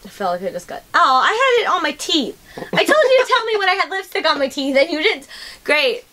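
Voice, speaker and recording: A young woman with a high, bright voice hosts a casual chat. She is a chatty storyteller who slips into the voices of the people she describes. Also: sing-song, brisk. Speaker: host.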